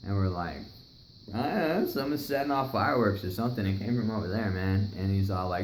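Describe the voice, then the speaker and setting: A man's voice: lowish voice, brisk. A young man casually telling a wild story, swearing a lot and acting out what people said. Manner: profane, animated, acts out other people's lines. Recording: echoey room, faint noise.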